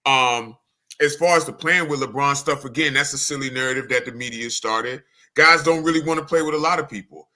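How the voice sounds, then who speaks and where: A man's voice: medium pitch, fairly quick, pushed and bright. A man co-hosting a sports podcast, laying out a reasoned, methodical argument. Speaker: podcast co-host. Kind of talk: sports debate monologue.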